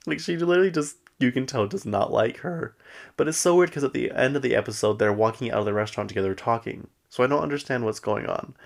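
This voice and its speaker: A man's voice: fairly low pitch, gravelly. A man hosting a podcast, chatting casually and gossipy as he recaps a reality show, laughing often. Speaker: podcast host.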